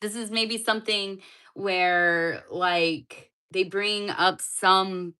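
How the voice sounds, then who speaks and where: A woman's voice: medium pitch, fairly even intonation, extremely slow, pushed and bright, smooth. A woman giving tarot readings on a live stream, chatting loosely and speaking straight to her viewers. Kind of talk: casual live-stream reading, answering chat.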